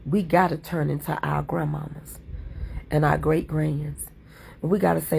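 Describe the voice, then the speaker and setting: A woman's voice: sits low, steady tone, normal speed, gravelly, a little mellow, slight background noise. A woman livestream host talking in a fervent, preachy way, repeating her points over and over. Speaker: livestream content creator. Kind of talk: impassioned livestream talk.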